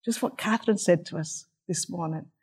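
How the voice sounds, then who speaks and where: A woman preaching an interactive sermon. She talks in a conversational teaching manner, asking rhetorical questions and pausing to let listeners talk among themselves. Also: on the low side, a little mellow, breathy edge.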